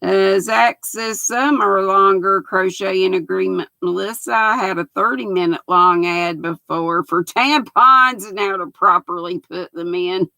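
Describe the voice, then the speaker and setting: A woman's voice: mid-range voice, a little slow, creaky, few pauses, pushed and bright, no room sound, poor audio. An older woman, hosting a livestream in a folksy, chatty way, reading out comments from her viewers. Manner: folksy, chatty, laughs often. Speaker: livestream host.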